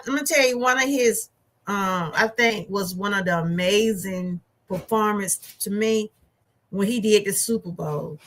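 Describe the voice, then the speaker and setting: A middle-aged woman, reviewing a movie in a chatty, animated way. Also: mid-range voice. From Georgia, USA. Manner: animated, chatty storytelling with laughs and asides. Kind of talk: casual chat.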